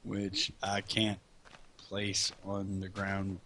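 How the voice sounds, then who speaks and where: A man's voice: deep voice, monotone, drawn-out words, sharp tone, a little hiss or hum. A man chatting casually over a game, joking and swearing as he rambles. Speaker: host. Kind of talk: casual chat over gameplay.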